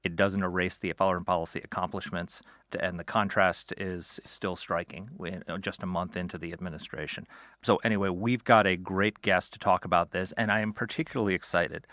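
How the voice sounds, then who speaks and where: Bright, low-voiced man co-hosting a podcast. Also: fairly even intonation, fairly quick, dry recording, clean studio sound. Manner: teasing, combative. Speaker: podcast co-host. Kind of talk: political podcast chat.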